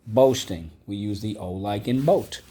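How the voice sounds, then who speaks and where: A man's voice: lowish voice, a little slow, mellow. A man teaching a vocabulary and phonics lesson, patiently repeating each word and asking the class to say it back. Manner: patient, repeats words and asks the class to echo them.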